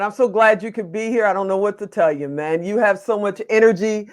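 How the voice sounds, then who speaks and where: A woman's voice: medium pitch, fairly quick, soft background music. A woman hosting a podcast, chatting casually with a playful, teasing manner and cutting in with questions. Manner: playful, teasing, jumps in to interrupt. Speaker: podcast host. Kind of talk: casual interview chat.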